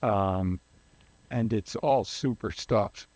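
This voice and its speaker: A man's voice: lowish voice, takes it slowly, a little mellow, dry recording. A male talk show host interviewing a guest, prompting with short, encouraging follow-up questions.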